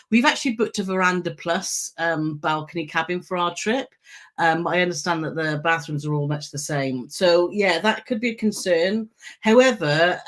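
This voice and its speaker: A woman co-hosts a casual travel live stream. She chats easily and greets viewers by name while reading out their comments. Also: fairly low pitch.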